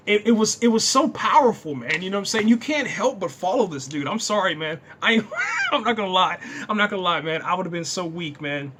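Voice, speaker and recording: A man giving a casual, excitable, unscripted TV review, dropping "man" into nearly every sentence. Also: sits high, fast talker, slight background noise. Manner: excitable, says "man" constantly. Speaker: TV show reviewer.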